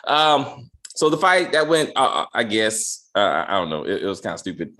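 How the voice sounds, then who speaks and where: Animated man riffing on a TV episode. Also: on the low side, moderate pace. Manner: animated, laughing, acts out characters' lines in voices. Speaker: show host. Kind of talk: casual TV episode review chat.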